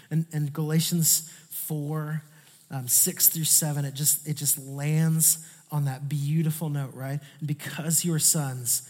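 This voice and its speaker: A young pastor preaches with a slightly high voice that carries long reverb from a big hall. His delivery is loose and conversational, full of asides, and at times sinks into near-whispers. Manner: conversational, animated, drops to hushed tones for tender lines. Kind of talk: sermon.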